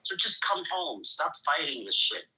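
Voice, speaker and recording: A man's voice: fairly high pitch, very animated, moderate pace, bright, forceful tone, poor audio. A man hosting a livestream, arguing heatedly, insulting and swearing and talking over the others. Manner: brash, insulting, profane, talks over others. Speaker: livestream host.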